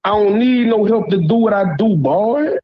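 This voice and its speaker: A man's voice: high-pitched, expressive, moderate pace. Heated Southern man on a lo-fi call. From Louisiana. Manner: heated, repeats "you hear me", blunt slang. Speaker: caller on a panel.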